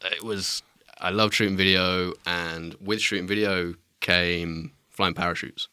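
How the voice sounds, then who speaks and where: A man's voice: sits low, fairly even intonation, unhurried, sharp tone, smooth, no echo, clean studio sound. A man, a tandem skydiving instructor, talking in a laid-back way as a guest in a casual chat, laughing often.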